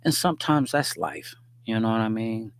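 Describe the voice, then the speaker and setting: A man with a lowish voice hosts a livestream and talks faith in an easy, conversational way. He mixes street slang with sermon-like points and keeps checking that his listeners are following. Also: lively intonation, normal speed, vocal fry, clean tone, dry recording. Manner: conversational and preachy, often asks "you dig what I'm saying"; streetwise slang, joking asides with laughter. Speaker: livestream host. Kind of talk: casual faith-based livestream talk. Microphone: livestream microphone.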